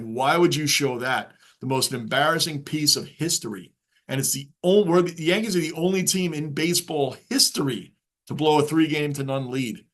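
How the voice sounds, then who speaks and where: A man's voice: mid-range voice, fairly bright tone. A man hosting a live sports reaction stream from his basement, ranting casually and reading viewer chat aloud.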